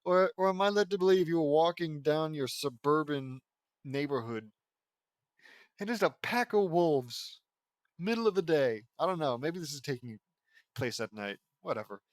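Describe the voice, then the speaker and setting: A man's voice: fairly high pitch, expressive, moderate pace, no room sound, clean studio sound. A man reading a fan fiction story aloud and breaking off into sarcastic, mocking commentary about it. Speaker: audiobook reader and commentator.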